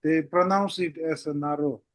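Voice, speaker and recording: A man teaching a language class in a relaxed way, often repeating "that's it" and "how goes it". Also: on the high side, moderate pace, no room sound. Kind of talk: casual online language lesson.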